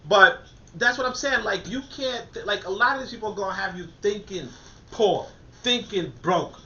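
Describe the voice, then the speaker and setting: A man's voice: high-pitched, pushed and bright. A man hosting a podcast in casual motivational talk, emphatic and repetitive, full of fillers and restarts. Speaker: podcast host. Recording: dull lo-fi recording.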